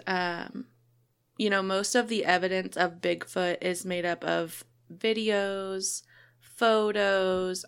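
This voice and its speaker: A woman co-hosting a podcast in casual chat, relaxed and chatty, with many fillers. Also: lowish voice, smooth. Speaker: podcast co-host.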